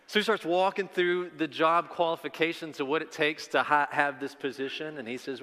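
A man's voice: on the high side, fairly quick, few pauses, sharp tone, long reverb tail. A man preaching a sermon as pastor, telling a folksy joke story with self-deprecating asides before moving into the text.

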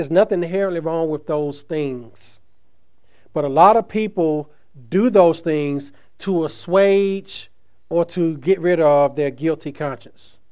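A man preaching a sermon, speaking with slow emphatic stresses that trail off softly at phrase ends, with casual asides between. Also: on the high side. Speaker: pastor.

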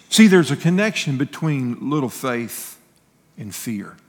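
A man's voice: medium pitch, very animated, a little slow, in a large hall. A male pastor giving a sermon in a folksy, conversational way, telling personal stories with restarts and laughing asides.

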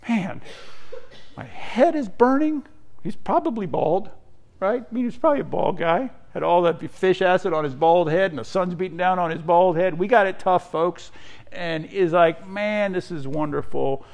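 Gravelly-voiced male pastor preaching. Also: sits high, moderate pace, a little mellow. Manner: conversational storytelling, frequent asides with "right?". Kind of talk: sermon.

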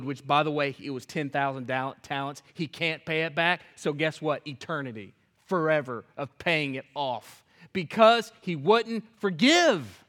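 High-voiced preacher with dramatic swings. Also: male voice, normal speed. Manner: dramatic, swings from loud emphasis to hushed whispers; reads scripture aloud and acts out the characters' lines. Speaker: pastor. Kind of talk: sermon. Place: church.

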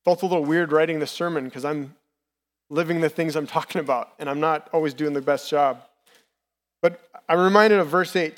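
A man in his thirties preaching a sermon in a candid, personal, conversational way as a lay preacher. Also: a little high. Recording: long reverb from the hall.

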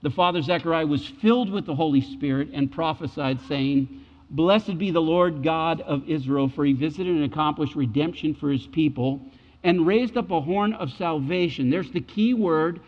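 A man's voice: a little high, moderate pace, dull audio. Emphatic preaching man in a reverberant hall. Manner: emphatic preaching, repeats key phrases. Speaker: pastor. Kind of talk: sermon.

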